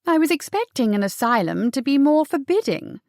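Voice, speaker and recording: A woman's voice: sits high, sing-song, a little fast, darkish tone, no echo, studio quality, voice pushed up. A woman voicing a prim aristocratic young lady with a lofty, refined manner.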